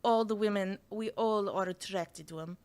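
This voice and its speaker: A proud young Russian woman with a heavy accent talks loud and simple in broken English, as a streamer puts her on. She is boastful and admiring, and her voice is a little higher and far louder than the streamer's own. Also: moderate pace, natural voice.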